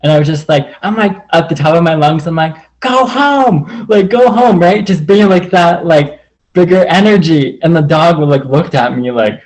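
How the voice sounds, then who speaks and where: A man's voice: fairly high pitch, moderate pace, darkish tone, low-quality recording. A man sharing personal stories in a casual, earnest way, rambling and leaning on the filler "like" over and over. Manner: rambling, heavy use of "like" fillers; earnest and open.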